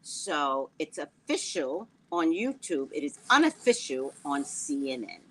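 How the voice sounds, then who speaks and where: Animated woman chatting to her viewers. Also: sits low, unhurried, poor audio. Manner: animated, jokey, talks to viewers and chat. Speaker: psychic livestream host. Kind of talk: casual livestream chat. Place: home indoors. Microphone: no external mic.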